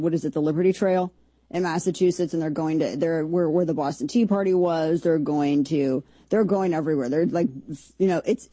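Low husky woman host, dry sound. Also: mellow, no echo. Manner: rambling, sarcastic asides. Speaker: show host. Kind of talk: casual political commentary.

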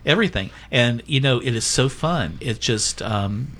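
A man's voice: medium pitch, expressive, a bit bright. A man hosting a casual chat show, joking around and talking with many fillers and restarts. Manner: chatty, jokey, halting with fillers. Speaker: host.

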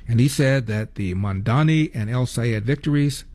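Older male talk host, wry and sarcastic, middle pitch, casual monologue pace. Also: moderate pace, darkish tone. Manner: sarcastic, rhetorical questions.

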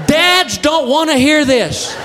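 A middle-aged man doing a stand-up routine, exasperated and shouting his punchlines. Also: extremely high pitch, lively intonation, slow pace, long reverb tail. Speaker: stand-up comedian. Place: comedy stage before a live audience. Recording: live stage mic with crowd laughter and room noise.

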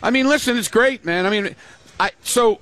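In casual chat on a show, a grandfather recounts family stories and acts out the quoted voices. His very high-pitched voice is fairly bright and moves at normal speed, with soft background music.

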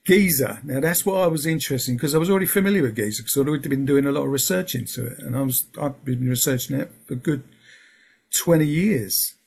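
Gravelly, husky man rambling in casual talk. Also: mid-range voice, fast, darkish tone. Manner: rambling, restarts often, fills with um and yeah. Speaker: guest. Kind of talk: casual interview chat. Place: lives in England.

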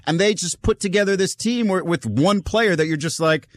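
A man co-hosting a sports talk show, animated and emphatic in casual banter. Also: moderate pace, no echo. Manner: animated, swings pitch for emphasis. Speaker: sports radio co-host.

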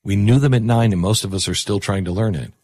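A male talk radio host speaking into a studio microphone, sarcastic and rambling as he mocks his targets. His voice sits fairly low with a husky grain. The sound is dry and close. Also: fast talker, darkish tone, no echo. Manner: sarcastic, mocking, with rambling asides. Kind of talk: opinionated talk radio monologue.

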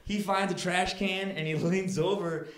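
A man doing a stand-up comedy set, telling a long story and building to loud, exasperated punchlines. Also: high voice, fairly even intonation, normal speed. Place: comedy club stage with a laughing audience. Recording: roomy club recording with crowd laughter.

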